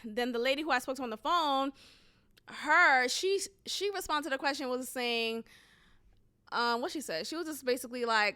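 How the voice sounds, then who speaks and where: A woman's voice: high voice, animated, normal speed, bright, forceful tone. A woman in her thirties hosting a podcast, telling a story in a candid, rambling chat and talking straight to her listeners. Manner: candid and chatty, rambling with restarts, addresses listeners as "y'all". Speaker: podcast host. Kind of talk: casual storytelling monologue.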